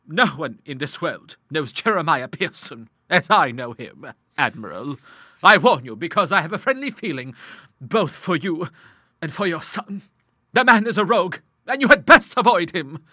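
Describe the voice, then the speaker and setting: A man's voice: on the high side, sing-song, normal speed, bright, forceful tone, no room sound, clean studio sound, heavily acted. A man reading an audiobook, voicing a stern, grim middle-aged woman who speaks severely and with scornful emphasis. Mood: vehement.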